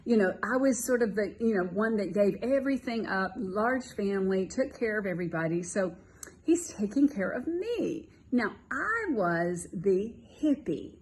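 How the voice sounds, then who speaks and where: A woman from the American South with a softened Southern accent, telling a story in casual chat and acting out the dialogue with lively laughter. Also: medium pitch, moderate pace, a little hiss or hum, poor audio. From Southern US (Tennessee, North Carolina). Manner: animated, laughing, acts out quoted dialogue. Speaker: Christian counselor, co-host.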